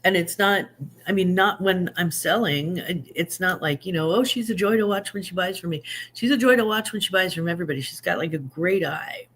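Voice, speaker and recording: A woman's voice: fairly low pitch, a little fast, a bit bright, breathy edge. A woman in her fifties hosting a casual livestream, chatting, joking at her own expense and answering viewer comments as she reads them aloud. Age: 50s. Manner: self-deprecating and joking. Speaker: livestream host. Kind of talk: casual live chat.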